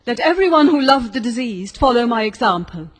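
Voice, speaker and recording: A woman's voice: on the high side, very animated, brisk, long reverb tail, voice pushed up. A woman reading the lines of a grave and mysterious monk in a spoken story. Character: mysterious grave male monk, solemn stranger.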